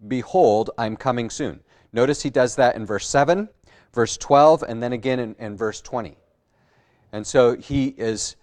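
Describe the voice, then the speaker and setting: A man, a pastor, preaching a sermon in a conversational way, often pausing on "uh" and restarting phrases. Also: mid-range voice. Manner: conversational, with frequent "uh" fillers and restarts.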